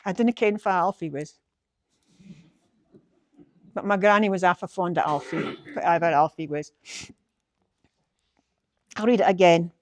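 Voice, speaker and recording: An older woman from Ballater, Aberdeenshire, recites a dialect poem and then reminisces about her family in a lilting North-East Doric accent. Chatty and often laughing, she restarts sentences, speaking unhurriedly with frequent pauses in a low-ish voice on a dry recording.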